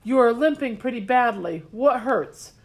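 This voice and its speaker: A steady, caring woman firefighter talks gently and calmly, as a woman narrator reads her. Her voice stays a little high and soft in this storybook reading. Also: measured pace. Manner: calm, soothing.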